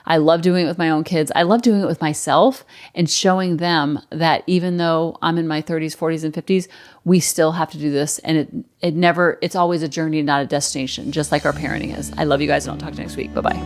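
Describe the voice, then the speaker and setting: A woman's voice: low voice, steady tone, quick pace, soft background music. A woman parenting coach hosting a solo podcast, talking in an earnest, encouraging, conversational way and repeating homely images for emphasis.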